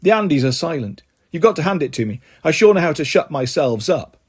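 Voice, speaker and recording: Husky animated man reading a kids' book. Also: fairly quick. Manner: animated, jumps to high voices for characters. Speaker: storybook reader. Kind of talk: children's book read-aloud with voices.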